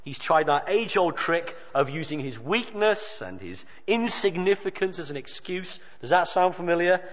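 A man preaching a sermon, emphatic, with dramatic pauses and voiced quotes. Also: sits high, animated, a bit bright, slight background noise. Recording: dull sound with long reverb of a hall.

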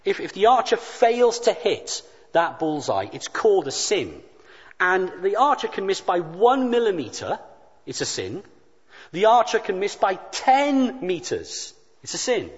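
A man's voice: high-pitched, wildly swooping pitch, slightly rough. Man preaching in an echoing hall. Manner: earnest, emphatic, deliberate phrasing. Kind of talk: sermon. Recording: dull sound with long hall reverb.

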